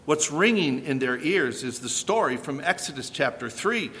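A man preaching a sermon, animated and emphatic, asking rhetorical questions as he reads and explains scripture. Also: a little high, normal speed, long reverb tail, a little hiss or hum.

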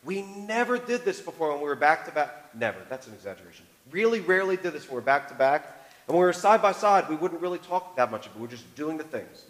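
A man preaching a sermon on marriage, animated, moving between loud emphasis and hushed tones. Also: fairly high pitch, fast. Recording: long reverb of a large hall.

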